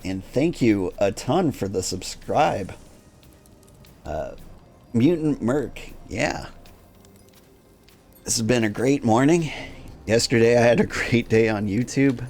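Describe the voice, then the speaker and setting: A man giving relaxed, chatty commentary while playing a video game and thinking aloud. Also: mid-range voice. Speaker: gaming streamer. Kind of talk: casual gameplay commentary.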